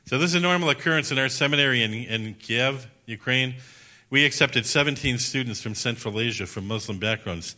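A male missionary speaker tells stories from the pulpit in a lively, conversational way. His voice sits at a middle pitch with a very bright, sharp edge. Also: brisk. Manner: animated, chatty, laughs at his own stories. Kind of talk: sermon storytelling.

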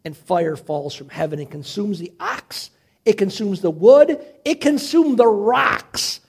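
A man preaching, dramatically retelling a Bible story, swinging from loud to hushed. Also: high-pitched, animated, a little slow, slightly rough. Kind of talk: animated Bible storytelling sermon.

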